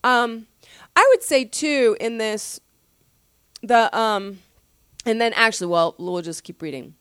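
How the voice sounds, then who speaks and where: A woman pastor teaching from the Bible in a casual, conversational way, with animated slangy asides and frequent laughs. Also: on the high side, slow, clear, resonant tone, no echo, studio quality.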